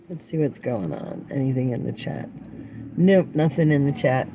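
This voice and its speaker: A woman's voice: a bass voice, normal speed, dark tone. Chatty woman livestreaming from a car. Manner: chatty, rambling, upbeat. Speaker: livestream host. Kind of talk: casual livestream chat. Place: in a parked car. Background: passing traffic.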